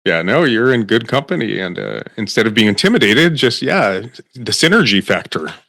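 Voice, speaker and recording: Man hosting an interview, lively pitch, dry close sound, reflective, laughs a lot. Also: moderate pace, creaky, dry recording. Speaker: podcast host. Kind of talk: conversational interview.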